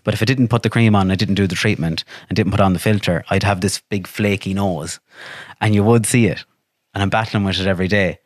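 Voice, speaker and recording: Animated Irish man, low voice. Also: quick pace, dry recording, clean studio sound. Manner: animated, swears freely, acts out quotes. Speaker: podcast guest. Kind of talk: casual chat, storytelling.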